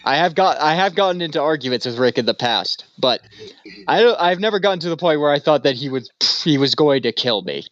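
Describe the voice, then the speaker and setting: A man's voice: a little high, expressive, a little fast, a bit bright, dry recording, dull audio. A man co-hosting a casual podcast, rambling through stories with lots of fillers. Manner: rambling, storytelling with acted-out voices. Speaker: podcast co-host. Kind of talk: casual stoner chat.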